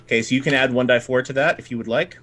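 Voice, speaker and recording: A man narrating as dungeon master, animated and quick, shifting between tense description and playful banter. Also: medium pitch, a little hiss or hum. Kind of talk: narrating a tabletop game.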